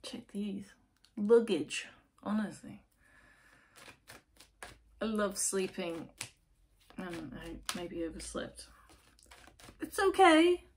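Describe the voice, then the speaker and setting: Female tarot host, casual and emphatic, drawn-out unhurried delivery, keeps interrupting herself. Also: medium pitch, big pitch swings, a little hiss or hum. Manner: chatty, rambling, self-interrupting, emphatic. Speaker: tarot reader, channel host. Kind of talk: casual tarot reading to camera. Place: at home, lit by her computer.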